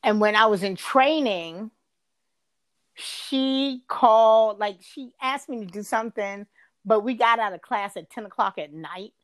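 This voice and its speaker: A middle-aged woman telling a long workplace story in casual chat, her voice jumping high when she gets exasperated. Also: unhurried, no echo. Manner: animated, swings to high excited pitch when exasperated.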